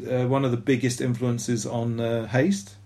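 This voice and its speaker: A man's voice: mid-range voice, little pitch movement, measured pace, dark tone. Rambling man chatting on a podcast. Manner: rambling, self-deprecating, many fillers. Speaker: podcast co-host. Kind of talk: casual chat.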